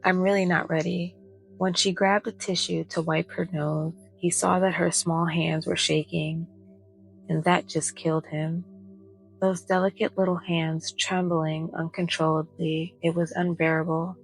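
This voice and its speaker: A woman narrating a bedtime story in a soft, calm voice. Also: fairly low pitch, unhurried, creaky, soft background music, rough recording. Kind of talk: soft-spoken bedtime reading.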